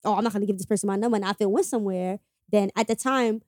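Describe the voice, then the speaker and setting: A woman's voice: medium pitch, very fast, darkish tone, dry recording, clean studio sound. A young woman telling a story in a casual podcast conversation, acting out quoted dialogue and swearing freely. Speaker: guest telling how she met her partner.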